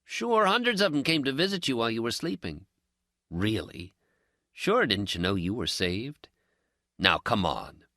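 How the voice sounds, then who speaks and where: A man's voice: mid-range voice, very animated, bright, forceful tone, no room sound, voice pushed up, exaggerated voice. Man voicing a wry, teasing pipe-smoking friend. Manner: teasing, dry, unhurried. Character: calm wry male friend, a pipe-smoking Zen companion. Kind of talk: audiobook character dialogue.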